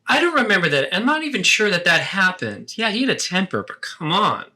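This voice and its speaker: A man's voice: high voice, very animated, fairly quick, sharp tone, husky, voice pushed up, exaggerated voice. A man voicing a self-absorbed, defensive middle-aged mother in a therapeutic role-play, talking over her child. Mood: indignant. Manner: dramatic, guilt-tripping, talks over her child.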